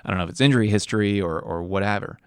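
A man's voice: lowish voice, racing, clean tone, no echo, studio quality. A tired young man rambling through casual fantasy football podcast commentary as the league's host, often restarting his sentences. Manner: rambling, self-correcting, yawning and tired.

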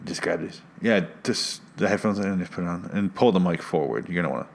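A man's voice: low voice, brisk, creaky, a little hiss or hum. A man hosting a comedy podcast from a studio, talking into a close mic in a rambling, sarcastic, self-mocking way. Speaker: podcast host. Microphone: studio mic with headphones.

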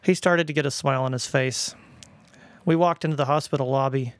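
A man hosting a podcast, telling a story in a wry, deadpan way. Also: mid-range voice, brisk, no room sound. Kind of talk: storytelling narration.

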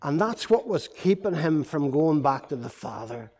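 High-voiced preacher in an echoey hall. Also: male voice, normal speed. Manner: lively, playful storytelling to children. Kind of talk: all-age sermon storytelling. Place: church.

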